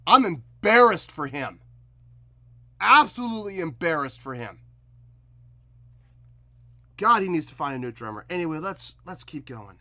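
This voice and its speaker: Animated, bright-voiced man critiquing music. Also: a little high, measured pace, pauses often. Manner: blunt, exasperated critique. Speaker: music reaction video host. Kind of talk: reaction commentary to camera.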